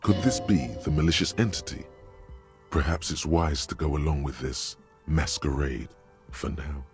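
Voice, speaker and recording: A grave, gravelly inner narrator. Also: male voice, faint music behind. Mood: ominous. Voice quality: very deep, gravelly. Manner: grave, measured, ominous. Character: solemn male narrator voice of the mind. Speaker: game narrator. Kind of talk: scripted video game narration.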